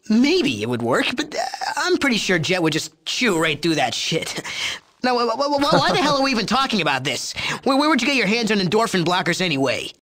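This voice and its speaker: A man's voice: a little high, fairly bright tone, breathy edge, full character voice. An actor playing an arrogant, crude young male drug chemist in a video game, boastful and mocking. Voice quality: sneering, profane. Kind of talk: game dialogue.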